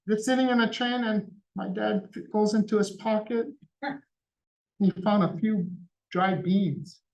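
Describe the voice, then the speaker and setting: A man's voice: high-pitched, distant mic. A middle-aged man giving a public talk, telling a family story in a conversational way and acting out the lines of the people in it. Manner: conversational storytelling, acting out quoted dialogue with his father. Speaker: guest speaker. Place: event hall. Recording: dull sound, speaker somewhat off mic.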